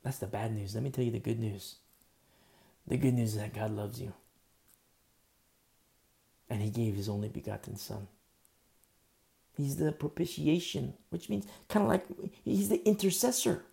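A man delivers a sermon in a relaxed, conversational way, pushing some phrases out loud and dropping others to quiet asides. His voice is mellow and dark, with a gravelly edge that runs through his talk. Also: medium pitch, normal speed, long pauses. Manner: conversational preaching, swings between loud emphasis and quiet asides. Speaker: pastor.

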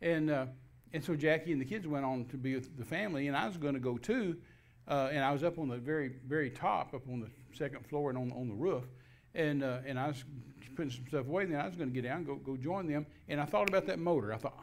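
A minister telling a lively personal story as a talk show guest, acting out the scenes as he goes. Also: fairly high pitch, fairly quick. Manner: animated storyteller, acts out scenes.

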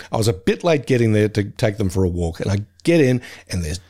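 A man's voice: on the low side, big pitch swings, a little fast, mellow. A man chatting casually as a podcast co-host, rambling with fillers and frequent laughter. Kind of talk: casual chat.

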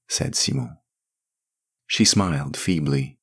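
A man narrating a story podcast in an expressive, measured way. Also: rumbling low, breathy edge.

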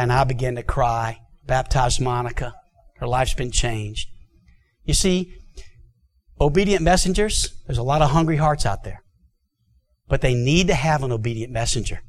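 A male pastor preaching a sermon through personal stories. He repeats words as he begins phrases and drops low and quiet for solemn points. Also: normal speed, long pauses.

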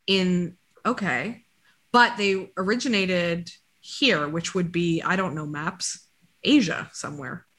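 A woman with a fairly low, slightly bright voice speaks slowly while sharing her dog's DNA results in casual conversation, making jokey comments to the dog as she goes.

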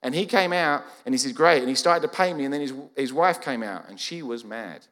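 In a storytelling sermon, a male preacher in his 40s talks fast at a medium pitch, lively and acting out the dialogue he quotes. A long church-hall reverb surrounds his voice.

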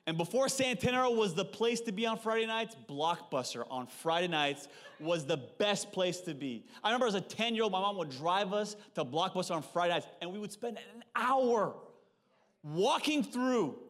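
Man preaching, lively pitch swings, higher voice, animated and joking, acts out movie quotes. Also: normal speed. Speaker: pastor. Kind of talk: sermon with movie references.

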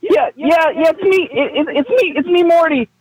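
A man's voice: very high voice, normal speed, no echo, pitched above the performer's own voice, low-quality recording. A man voicing a nervous, stammering teenage cartoon boy who repeats his words.

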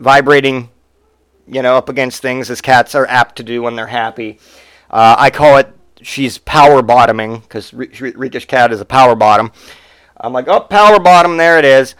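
A man's voice: medium pitch, steady tone, moderate pace, fairly bright tone, clean tone, dry recording, clean studio sound. A man hosting a podcast, telling rambling, profane stories in a casual monologue. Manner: rambling and profane, with frequent swearing. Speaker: podcast host.

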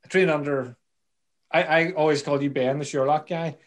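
A man's voice: on the high side, fairly even intonation, brisk. A man hosting a casual interview podcast, joking, swearing freely and wandering off into asides. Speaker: podcast host.

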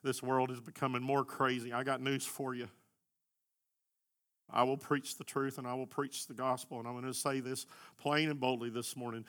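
A middle-aged man, preaching a sermon as pastor, rising to shouts at the high points. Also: little pitch movement, normal speed. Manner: impassioned, shouting at peaks.

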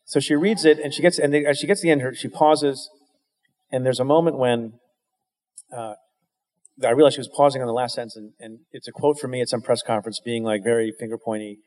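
A man's voice: medium pitch, fairly even intonation, a little fast, a little mellow. A middle-aged man answering an interviewer's question with candid, wry, self-deprecating stories, often restarting his sentences. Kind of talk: candid storytelling, conversational. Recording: long hall reverb.

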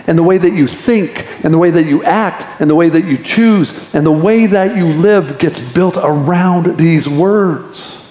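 A man preaching a sermon as pastor, talking to the congregation in a conversational, lively way with quick asides. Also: on the high side. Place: church sanctuary. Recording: echoey church hall reverb.

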